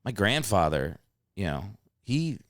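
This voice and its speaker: A man hosting a podcast in casual comedic chat, rambling and animated, jumping into high voices to act out stories. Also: a little slow, no room sound. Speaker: podcast host.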